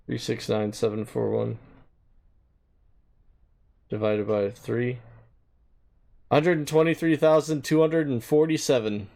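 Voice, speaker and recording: Man, game streamer, casual chat, slow talker, laughs often, thinks aloud. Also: mid-range voice, steady tone, gravelly, darkish tone.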